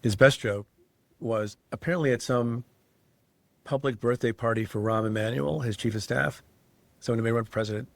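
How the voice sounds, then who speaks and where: A man's voice: mid-range voice, moderate pace, creaky, no room sound. Man telling a rambling anecdote. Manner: rambling with restarts and fillers. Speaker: interview guest.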